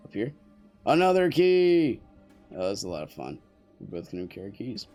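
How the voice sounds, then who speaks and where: Speaking fast in a low, slightly mellow voice with a breathy edge and lively intonation, a young man offers casual gameplay commentary. He rambles and jokes with chat and teammates while faint music plays.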